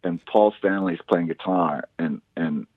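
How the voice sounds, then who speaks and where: A man with a very deep, husky voice tells stories in a casual interview, eager and animated. He acts out the lines of the people he talks about. The sound is thin and tinny, as if over a phone line. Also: unhurried, no room sound. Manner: enthusiastic, animated storyteller acting out quotes. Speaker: musician guest, show host.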